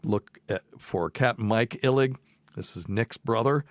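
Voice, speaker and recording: A man's voice: mid-range voice, measured pace, dry recording. A middle-aged man from the mountains of North Carolina with a light Southern accent, hosting a podcast in a rambling, folksy way with many fillers and restarts. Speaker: podcast host. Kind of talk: casual chat.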